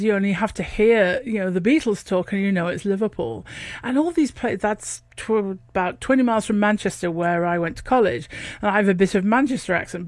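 A woman's voice: mid-range voice, dry recording. A woman with a northern English accent, a guest on a radio interview, telling stories and laughing often. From England. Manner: laughs often, lively storytelling. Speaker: guest, opera soprano. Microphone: studio microphone.

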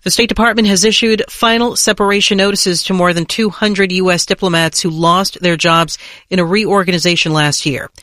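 A woman newscaster reading a national news bulletin in a crisp, measured way. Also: fairly low pitch, fairly even intonation, a bit bright, dry recording, clean studio sound.

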